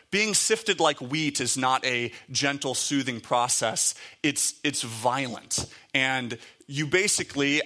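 Bright-voiced man preaching casually. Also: a little high. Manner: conversational, with many fillers and restarts; reads scripture aloud. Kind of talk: sermon.

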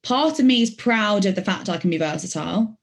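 Speaking briskly and with animation at a medium pitch, this Birmingham-born barrister in her late twenties is a podcast guest. Her faint Birmingham accent carries earnest, reflective answers, with occasional self-correcting restarts.

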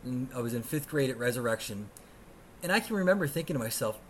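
A man's voice: medium pitch, expressive, fast, a little hiss or hum. Sarcastic ranting American man. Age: 30s. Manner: ranting, sarcastic and profane, swinging between mutters and outbursts. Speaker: podcast host. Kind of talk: solo podcast rant.

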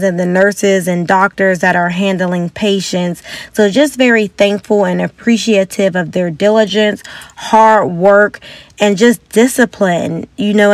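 A young woman hosting a motivational podcast in a casual, chatty and upbeat way, now and then acting out quotes in a higher voice. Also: dry recording. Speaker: podcast host.

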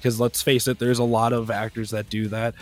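Relaxed and talkative, this podcast co-host chats casually and openly, laughing often along the way. His medium-pitched voice comes out flat and a bit quick.

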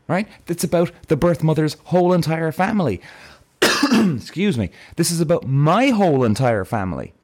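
A young adult man talking to his viewers in a casual vlog, animated and swearing freely. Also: fairly high pitch. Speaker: vlogger.

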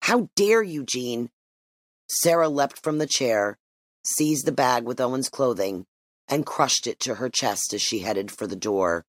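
Man, audiobook narrator, steady, measured, middle pitch, dry close recording. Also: no room sound.

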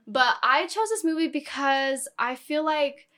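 Bright-voiced chatty young woman. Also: sits high, unhurried. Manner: chatty, storytelling, giggly. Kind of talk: casual chat.

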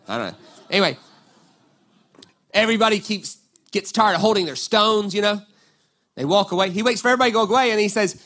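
A man preaching a sermon, telling a Bible story with lively acted-out quotes and frequent "right?" asides to the congregation. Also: high-pitched, a little fast. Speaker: pastor.

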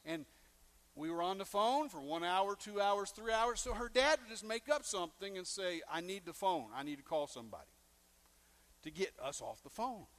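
A man preaching a sermon, telling a personal story and acting out the quoted lines with big swings in loudness. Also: high voice, animated, normal speed. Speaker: pastor.

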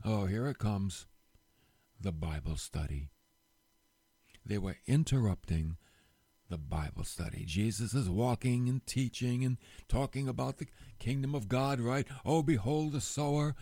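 A man giving a casual sermon, telling a Bible story with rhetorical questions and quick voiced asides. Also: mid-range voice, dark tone, dry recording. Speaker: preacher.

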